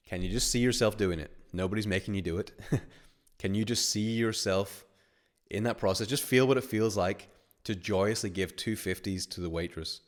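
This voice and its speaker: A man's voice: fairly low pitch, moderate pace. A man hosting a webinar as a money-mindset coach, talking casually in a rambling, filler-heavy way and acting out little scenarios.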